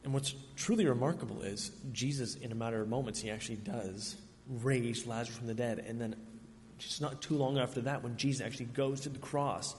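Guy giving a sermon, earnest, pauses for effect, echoey hall with faint background hiss. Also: medium pitch, fairly even intonation, darkish tone. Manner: earnest, emphatic, with dramatic pauses. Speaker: preacher. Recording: reverberant hall, faint ambient noise.

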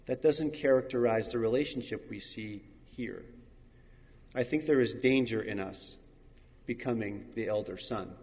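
A man's voice: on the low side, moderate pace, darkish tone, big-room sound. A man preaching a sermon, reading scripture aloud and acting out the voices he quotes. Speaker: pastor.

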